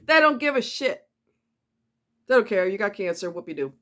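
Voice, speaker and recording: A woman giving a casual monologue about relationships, emphatic and animated, repeating words for effect. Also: mid-range voice, moderate pace, pauses often. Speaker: relationship commentator.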